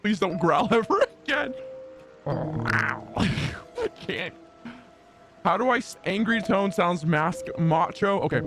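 A woman streamer drags out slow, repeated lines while her voice leaps between a forced low growl and high, squeaky yelps. Her pitch sits high and swings all over the place. Loud music plays under the whole stream. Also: sing-song. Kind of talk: casual live-stream chat practicing a deep male voice.

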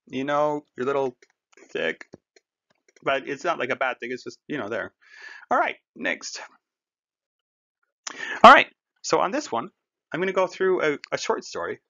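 A man leads a language lesson at an unhurried pace, his pitch rising and falling in a lively way as he drags out each foreign word. He speaks to his learners in a friendly, encouraging manner. The recording sounds dull and lo-fi. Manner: slow, patient explaining with drawn-out German words. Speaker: German language teacher.

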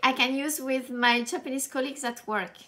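A woman with a French accent teaching a live language lesson in a playful, animated way, laughing often and slipping into French. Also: high-pitched, a little fast.

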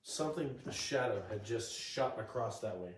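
A man's voice: fairly low pitch, animated, normal speed, a little hiss or hum. A man investigating the paranormal who keeps calling out questions to spirits in old rooms under renovation. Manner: asks questions aloud to spirits. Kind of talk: ghost-hunting vlog chatter. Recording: echoey room, mic at a distance.

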